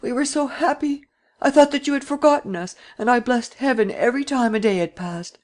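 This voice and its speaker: An anxious old grandmother, voiced by a man reading an audiobook, begging in a high, trembling voice that keeps rising. She sounds fearful and protective of the child in her care. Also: fairly quick, darkish tone, lightly acted. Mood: pleading. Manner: pleading, tearful, high trembling voice.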